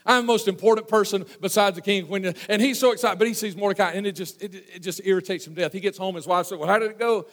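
A man preaching a sermon, retelling a Bible story and dropping low and soft for quoted lines. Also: fast, few pauses, in a large hall. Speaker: pastor.

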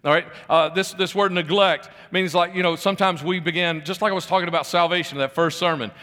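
A man delivers a sermon in a high, bright voice. He talks conversationally, circles back over his phrases and keeps putting questions to his listeners. His voice carries a long reverb, as in a large hall. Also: fairly even intonation, quick pace. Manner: conversational, repeats phrases, asks the congregation questions. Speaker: preacher.

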